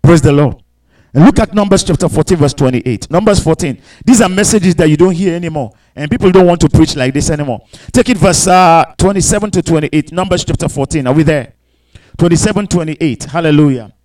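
A man preaching a fervent sermon, reading scripture aloud and swinging between quiet talk and shouted verses while acting out voices. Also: fairly high pitch, brisk, low-quality recording. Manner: mock voices of people and God.

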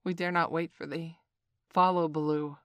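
A woman voicing a proud male panther in a storybook reading, speaking briskly and firmly. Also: deep voice, steady tone, smooth, dry recording, natural voice. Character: proud male black panther, quick and commanding.

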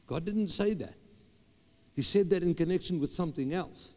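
A high-voiced male pastor preaches a sermon at a moderate pace, and the hall gives it a long reverb. His delivery is emphatic and repetitive, with stammering restarts.

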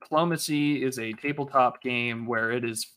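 A man's voice: medium pitch, fairly even intonation, normal speed, a bit bright. A man co-hosting a casual podcast, making dry, matter-of-fact remarks. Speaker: podcast co-host.

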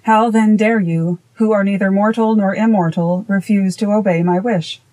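A woman reading voicing an ancient, wise male master of the forest, grave and deliberate. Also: mid-range voice, fairly even intonation, warm tone, natural voice, rough recording. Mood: stern.

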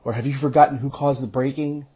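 A man's voice: mid-range voice, fairly even intonation, fast talker, dark tone, husky, voice pushed up, natural voice. A man reading aloud, voicing an earnest young village man in a raised, insistent voice. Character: earnest young village man, stern about old wrongs.

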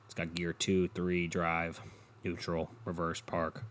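A man hosting a solo podcast, rambling in a profane, deadpan way and sounding tired. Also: low voice, slow, a little hiss or hum. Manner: profane, meandering and deadpan, with frequent swearing. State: tired and yawning. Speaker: podcast host.

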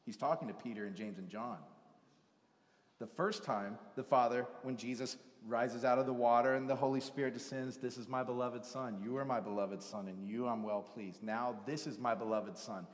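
A man's voice: mid-range voice, normal speed. Man preaching in a reverberant hall. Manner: animated, acts out biblical voices, swings from loud to hushed. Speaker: pastor. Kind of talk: sermon. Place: church sanctuary. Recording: long church hall reverb.

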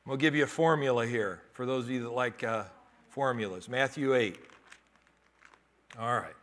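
A man preaching a sermon as pastor, switching between loud, rising preaching and quieter teaching, and laughing often. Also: medium pitch, moderate pace.

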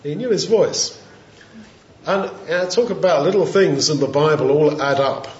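A man giving an informal, reflective Bible teaching in a conversational way, pausing with fillers as he thinks. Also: on the high side, slight background noise. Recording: roomy, dull lo-fi sound.

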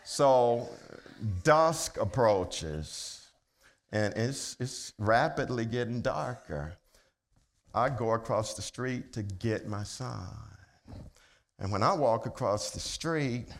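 Delivering a sermon, a male pastor shares a personal story with humor and a conversational touch, rising from hushed, low-voiced storytelling to loud, excited shouting. The congregation can be heard laughing in the background.

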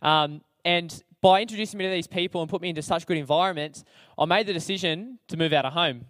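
A man's voice: high voice, fast, fairly bright tone, dry recording, studio quality. A young Australian man telling his own story to an audience in a chatty, slangy, self-deprecating way, with lots of fillers. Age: young adult. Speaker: speaker sharing his testimony.

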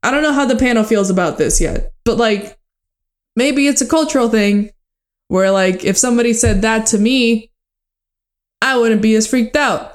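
A woman with a somewhat high voice chats casually as a podcast co-host. She reacts quickly and expressively, with a sassy, joking edge. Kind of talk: casual chat.

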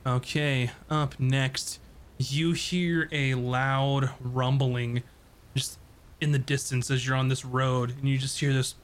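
A man's voice: medium pitch, flat delivery, takes it slowly. A man running a tabletop game as game master, narrating the action in a loose, casual way with many fillers.

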